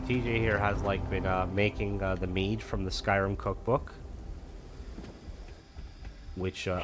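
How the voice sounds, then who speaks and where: Rambling young man streaming a game. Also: low-pitched. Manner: rambling, full of "like" and fillers. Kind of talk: casual gameplay chat.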